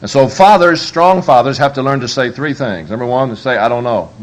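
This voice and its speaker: A man's voice: mid-range voice, a little fast. A man giving a humorous live parenting workshop as a preacher, telling stories with emphatic, joking delivery. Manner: lively, joking, emphatic storytelling.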